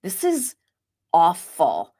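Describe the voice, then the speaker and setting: A woman's voice: lowish voice, wildly swooping pitch, extremely slow, vocal fry, mellow. A woman hosting a live-stream reality TV recap, chatty and opinionated, often laughing and acting out quoted asides. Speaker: reality TV commentary host.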